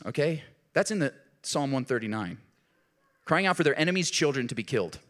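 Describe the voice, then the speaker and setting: A pastor preaches a sermon in an earnest, conversational way. He drops low and soft at key points and rises when he pleads.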